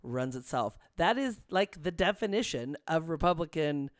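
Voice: medium pitch, expressive, moderate pace, dry recording, studio quality. A podcast co-host who grew up in the United States, chatting casually and enthusiastically and laughing often. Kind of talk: casual chat.

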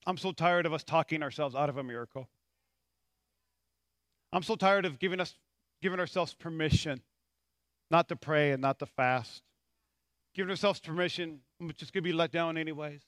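A pastor preaching a sermon, a man who swings from quiet to shouted and drops joking asides to the congregation. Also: a little high, moderate pace, pauses often, dry recording, clean studio sound.

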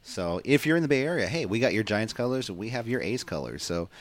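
A man's voice: lowish voice, fast. A man co-hosting a wrestling podcast, talking in a casual, rambling way with lots of fillers. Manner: animated, rambling, many fillers. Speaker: podcast co-host.

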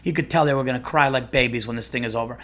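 Rambling, profane comedian telling stories. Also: male voice, medium pitch, racing, a bit bright. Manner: rambling, profane, many restarts. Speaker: comedian and podcast host. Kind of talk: casual storytelling monologue.

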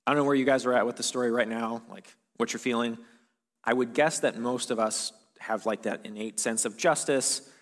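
A man preaching a sermon in a relaxed, conversational way, with frequent fillers and restarts. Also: mid-range voice. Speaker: pastor. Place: church hall. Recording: long hall reverb.

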